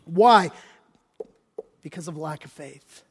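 A man's voice: fairly high pitch, takes it slowly, breathy edge, big-room sound. A male pastor preaching a sermon in an emphatic, folksy way, his voice swelling into bursts of intensity.

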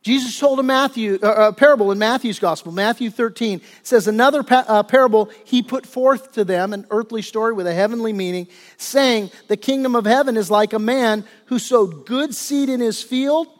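Male pastor, high voice, casual storytelling sermon, reverberant church hall. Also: normal speed, hardly any pauses. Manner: conversational, retells scripture with casual asides. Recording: long reverb of a large hall.

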